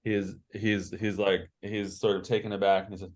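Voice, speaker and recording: A man's voice: lowish voice, fairly even intonation, a little fast, few pauses, darkish tone. Man running a tabletop game. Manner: meandering, full of fillers. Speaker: game master.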